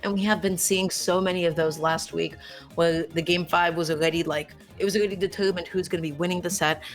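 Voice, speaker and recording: A young woman doing live esports commentary in a playful, excitable, jokey way. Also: fairly low pitch, brisk, soft background music.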